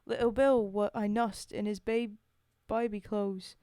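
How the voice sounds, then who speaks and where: A woman voicing a plucky Cockney wartime woman in a dramatic poetry reading, with a rough put-on accent. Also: medium pitch, little pitch movement, measured pace, dark tone, dry recording, studio quality, natural voice. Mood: storytelling. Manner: rough, self-admittedly shaky accent in a sing-song reading.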